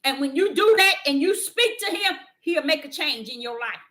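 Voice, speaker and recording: A woman preaching an impassioned sermon in a fervent, scolding manner that rises to shouting. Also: high voice, animated, moderate pace. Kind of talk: impassioned street-style sermon.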